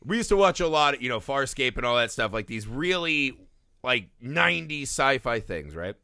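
A man's voice: medium pitch, sing-song, moderate pace, bright, forceful tone, dry recording, clean studio sound. A man co-hosting a podcast, chatting casually and animatedly about a movie, swearing and mocking scenes. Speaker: podcast co-host. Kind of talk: casual movie-review chat.

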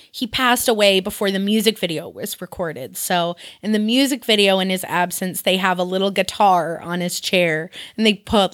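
A woman's voice: medium pitch, no echo, studio quality. A woman co-hosting a music podcast, chatting casually and reading out listener contact details. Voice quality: warm, giggly, chatty. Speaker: podcast co-host.

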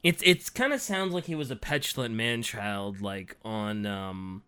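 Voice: medium pitch, measured pace, a bit bright, clean tone. A podcast co-host chatting casually, reacting with slangy exclamations and asking eager follow-up questions. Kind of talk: casual chat.

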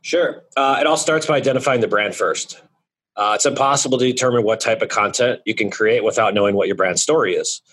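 A man guest in a casual interview, talking in energetic, joking bursts about his marketing business. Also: fairly low pitch, a little fast, slightly rough, low-quality recording. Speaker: guest, real estate marketing business owner.

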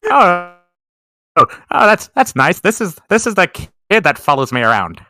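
A man puts on a doddering, forgetful old grandfather who halts and repeats himself as he rambles along in a bright, lively voice. His pitch swings up and down, and his tone stays clear and forward. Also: normal speed, dry recording, clean studio sound, heavily acted.

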